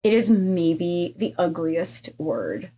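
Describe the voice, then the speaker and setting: A woman in her forties co-hosting a podcast, chatting playfully and telling stories with quick laughs. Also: fairly low pitch, sing-song, dark tone, breathy edge. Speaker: podcast co-host. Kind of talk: casual chat.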